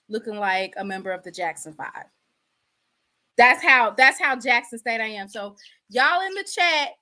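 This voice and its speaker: A woman's voice: a little high, sharp tone. A woman, hosting a casual livestream and talking straight to the people in the chat. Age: 30s. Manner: chatty, addresses the chat directly. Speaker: livestream host.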